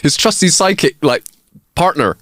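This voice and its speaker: A man's voice: mid-range voice, very animated, a little fast, a bit bright, dry recording, clean studio sound. A young man co-hosting a podcast, chatty and digressive, laughing often as he tells jokes. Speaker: podcast co-host. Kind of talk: casual chat and joke telling.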